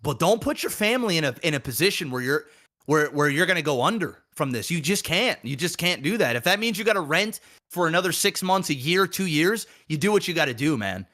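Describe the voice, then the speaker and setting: A man's voice: on the high side, sing-song, a little fast, sharp tone. Heated, swearing man ranting. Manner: profane, heated, repetitive. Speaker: podcast co-host. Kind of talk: ranting casual chat.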